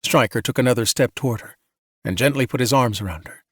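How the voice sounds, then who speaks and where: A man narrating a story in a calm, even, bedtime-story style. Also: mid-range voice, quick pace, breathy edge, dry recording, clean studio sound. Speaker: audiobook narrator.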